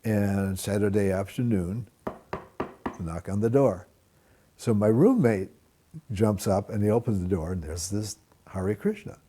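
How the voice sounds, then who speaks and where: A man recalling his student days in an animated storytelling way, acting out quoted voices and laughing. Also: a little slow, pauses often, slight background noise. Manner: acts out quoted voices with big pitch jumps, laughs. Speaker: interviewee recalling the past.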